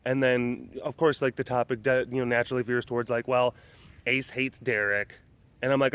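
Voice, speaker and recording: A man's voice: mid-range voice, steady tone, moderate pace. A man in a mid-range voice chats casually outdoors at a big cat sanctuary. He rambles and jokes in an unscripted way, with lots of fillers and restarts. He sounds like someone who guides tours there. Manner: chatty and joking, with many fillers and restarts. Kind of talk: casual rambling vlog chat.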